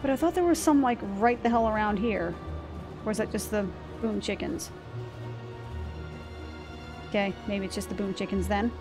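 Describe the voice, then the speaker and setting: Over game music, a woman streams gameplay and chats casually, cursing at the monsters she's fighting and talking to them directly. Her mid-range voice moves at a normal speed, with frequent pauses.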